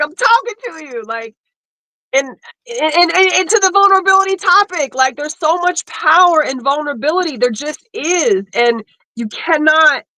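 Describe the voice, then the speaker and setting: A woman's voice: sits high, fairly bright tone, no room sound, rough recording. A woman hosting a casual panel chat, emotional and teary, laughing between her words.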